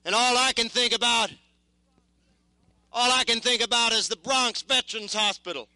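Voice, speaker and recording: High-voiced intense young veteran man. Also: steady tone, pushed and bright, no room sound, poor audio. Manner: intense, repetitive, halting. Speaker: war veteran. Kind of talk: impassioned spoken testimony.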